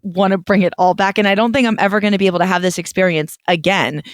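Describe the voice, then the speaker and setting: A woman's voice: medium pitch, steady tone, fast talker, no echo. A young adult woman co-hosting a podcast, talking in a chatty, rambling way with nervous restarts. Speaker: podcast co-host. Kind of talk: casual chat.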